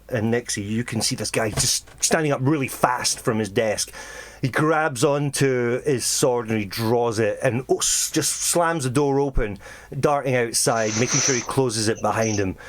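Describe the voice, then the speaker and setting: A man narrating a tabletop game as game master, halting with many fillers. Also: mid-range voice, slight background noise.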